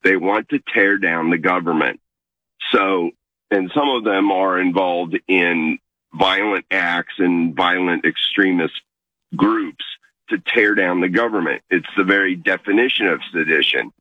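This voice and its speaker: A man calling in to a talk radio show, making his point in an earnest, measured way. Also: deep voice, dry recording. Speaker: caller. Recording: tinny phone line.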